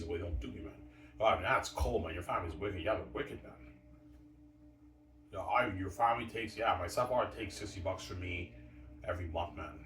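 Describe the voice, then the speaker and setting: Man ranting, deep voice, echoey room. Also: fairly quick, a bit bright, slight background noise. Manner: aggrieved, profane ranting. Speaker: vlogger. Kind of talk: rambling solo monologue. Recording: echoey room, far from mic.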